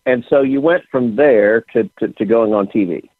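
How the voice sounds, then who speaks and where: A man's voice: medium pitch, moderate pace, dry recording. A male interviewer who asks questions with quips and stammers into them. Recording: tinny phone-line sound.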